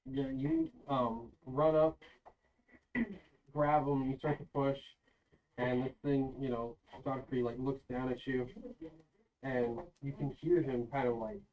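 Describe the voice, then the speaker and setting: A man's voice: medium pitch, lively intonation, takes it slowly, distant mic, narrow, tinny audio. A man running a tabletop game as game master, narrating loosely with many fillers.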